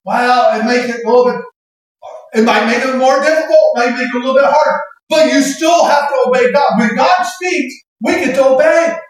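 Woman preacher, fervent sermon, shouting and singing phrases, distant mic. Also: high-pitched, fairly quick. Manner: impassioned, often shouting and lilting into song. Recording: very echoey hall, voice from far off.

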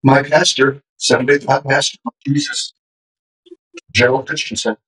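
A man's voice: mid-range voice, fairly even intonation, normal speed, a bit bright, low-quality recording. A man preaching a testimony, telling his story emphatically and with fervor. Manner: emphatic, fervent retelling with quoted dialogue.

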